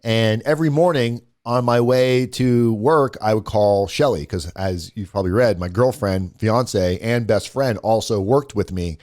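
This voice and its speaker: A guest on a show casually retells a personal story, quoting what others said along the way and often restarting. His voice is fairly low and darkish, and his measured pace leaves hardly any pauses.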